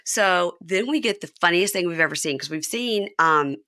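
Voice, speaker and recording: Bright-voiced woman podcast host. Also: normal speed, dry recording, clean studio sound. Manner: animated retelling, acting out quotes in high voices. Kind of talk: casual recap chat.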